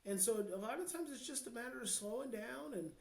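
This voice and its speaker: Passionate American male guest expert, earnest, hushed-to-emphatic delivery, echoey room. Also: extremely high pitch, expressive, gravelly. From United States. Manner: passionate, slows down to near-hushed then swells with emphasis. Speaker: guest, child behavior expert. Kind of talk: podcast interview, earnest advice.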